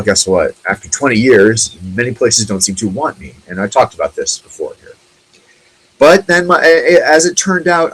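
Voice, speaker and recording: A man's voice: lowish voice, low-quality recording. A man in his forties hosting a casual solo talk show, rambling and chatty with lots of fillers. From United States. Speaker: host.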